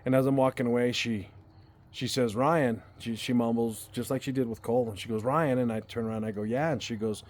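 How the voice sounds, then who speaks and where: A man's voice: mid-range voice, level tone, quick pace, a little mellow. A man telling a personal story to his viewers in a casual, earnest way, often restarting and repeating words as he goes. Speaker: vlogger.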